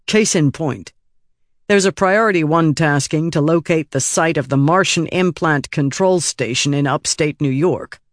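A weary, cynical middle-aged intelligence boss in an audiobook, sardonic and exasperated, swearing freely, as a male narrator puts him on. The voice sits a little high for a man, recorded dry and close. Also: measured pace, no echo, close to an everyday voice. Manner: sardonic and exasperated, with crude language.

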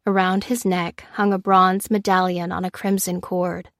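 A woman narrating an audiobook in a steady, tense storytelling manner. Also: on the low side, moderate pace, no echo, clean studio sound. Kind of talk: scripted narration.

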